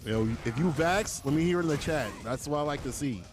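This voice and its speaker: A man's voice: fairly high pitch, quick pace, background noise. A man doing casual esports play-by-play from a small closet at home, slangy and laid-back, talking to his chat. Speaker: esports commentator.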